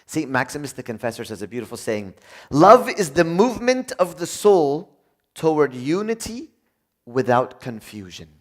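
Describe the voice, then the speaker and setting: A man delivering a sermon with a lively, swooping delivery that sits a touch high for a male voice. He acts out quick back-and-forth dialogues and jokes with the congregation. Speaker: preacher.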